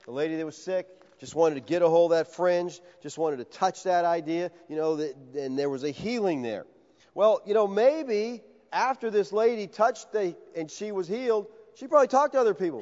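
Male pastor, high voice, lively expository sermon, dull recording with long hall reverb. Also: moderate pace. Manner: animated, acts out voices of Bible figures.

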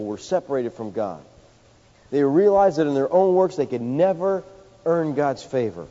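A man preaching a sermon, emphatic, swinging from loud high peaks to low quiet lines. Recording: dull sound with long hall reverb.

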